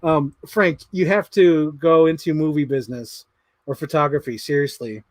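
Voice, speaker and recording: A man's voice: a little high, fairly even intonation, moderate pace, dry recording. A man in his thirties hosting a livestream, reading his yearbook signings aloud, laughing, swearing and getting sidetracked, a bit out of breath. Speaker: livestream host.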